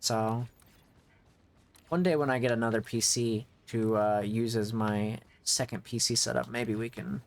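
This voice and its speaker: A man's voice: medium pitch, steady tone, measured pace, creaky. A man streaming a video game, giving casual running commentary that rambles and often restarts mid-thought to correct himself.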